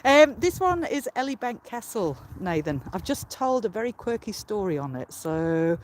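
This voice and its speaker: An out-of-breath streamer rambles cheerfully while walking uphill outdoors, speaking into a handheld phone. The talk is chatty and loose, broken by frequent laughs, at an ordinary middle pitch. Faint noise sits behind the voice. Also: big pitch swings, moderate pace. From Australia. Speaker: host of a live stream. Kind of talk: casual live-stream chat while walking. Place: outdoors on a hill by a ruined castle.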